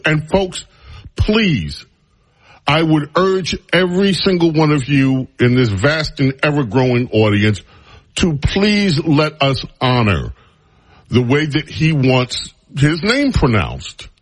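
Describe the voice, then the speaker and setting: A man's voice: on the high side, husky. A man hosting a talk radio show, speaking in a casual way and teasing his studio crew in wry banter.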